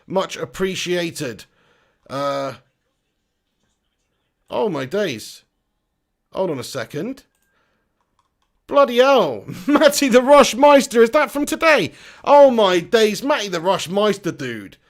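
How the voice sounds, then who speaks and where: A man on a live football watch-along stream, chatting casually with viewers. He gets excitable, swears freely and laughs a lot. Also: sits high.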